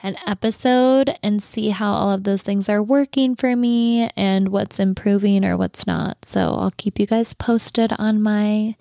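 A woman's voice: medium pitch, steady tone, a little slow, vocal fry, hardly any pauses, warm tone, no echo, studio quality. A woman co-hosting a casual podcast, chatting with lots of fillers as she walks through her picks. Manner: chatty, many fillers, explains wine picks. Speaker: podcast co-host. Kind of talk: casual chat.

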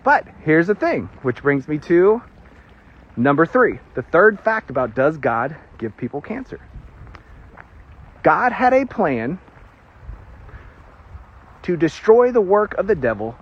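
A man preaching a sermon, animated and prone to nervous giggling as he explains scripture. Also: a little high, a little slow, long pauses, slightly rough. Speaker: pastor. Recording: dull lo-fi recording.

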